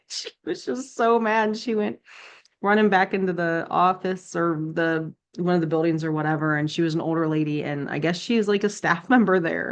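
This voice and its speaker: Low-voiced woman sharing a testimony. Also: moderate pace. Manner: chatty and animated, with many fillers and acted quotes. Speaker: ministry devotional speaker. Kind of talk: casual spoken testimony.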